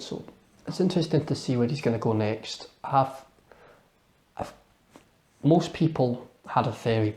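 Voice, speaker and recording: A young man with a Scottish accent talks through a TV episode in a casual live commentary. He rambles, restarts his sentences and drops in small laughs, with a voice of ordinary middle pitch. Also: a little mellow, slight background noise. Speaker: TV episode reviewer.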